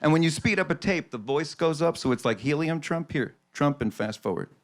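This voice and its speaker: A man's voice: fairly high pitch, lively intonation, fairly quick. A male stand-up comedian delivering wry, conversational political jokes. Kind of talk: stand-up set.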